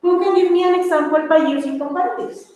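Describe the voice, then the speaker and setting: A woman's voice: very high voice, quick pace, a little mellow. A woman whose first language is Spanish teaching an English grammar class, mixing Spanish into her explanations and calling her students babies. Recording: echoey room, far from mic, faint noise.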